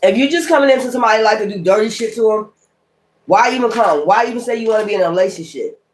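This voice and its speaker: A woman's voice: on the high side, fast. A woman tarot reader talking straight to her viewers in a blunt, heated rant full of cursing. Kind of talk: casual profane rant to viewers.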